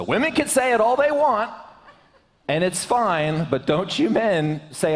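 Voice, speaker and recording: A man's voice: high voice, big pitch swings, unhurried, big-room sound. A man preaching a sermon to his church, in a joking, conversational way. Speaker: pastor. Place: church sanctuary.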